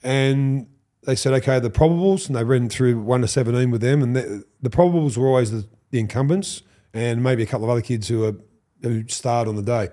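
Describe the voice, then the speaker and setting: An Australian man in his fifties, a podcast guest, telling animated stories, swearing freely and acting out what others said. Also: mid-range voice, fairly quick. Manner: animated, swears, acts out quoted lines. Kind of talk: storytelling interview.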